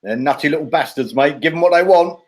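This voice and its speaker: A man's voice: fairly high pitch, fast talker. A man hosting a casual chat, with jokey, blunt banter. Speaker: host.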